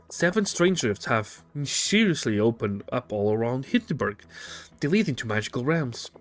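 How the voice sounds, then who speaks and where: A man voicing a flattering, evasive woman mayor in a video game with a put-on foreign accent. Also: mid-range voice. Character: scheming, smooth-talking woman mayor.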